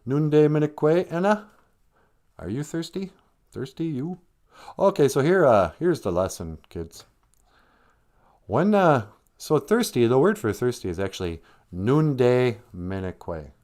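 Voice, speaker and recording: A man's voice: fairly high pitch, darkish tone. A middle-aged man hosting a comedy live stream, rambling through jokes and language lessons with playful asides.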